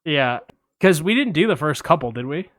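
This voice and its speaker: A man's voice: on the high side, sing-song, fairly bright tone, no room sound. Joking young man on a film podcast. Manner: joking, boastful, quick bursts with fillers. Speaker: podcast co-host. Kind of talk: casual film podcast chat.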